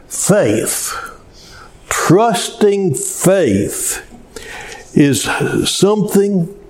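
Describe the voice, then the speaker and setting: A man preaching a sermon in an earnest, slow manner, telling a story with dramatic pauses. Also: medium pitch, warm tone. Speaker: pastor.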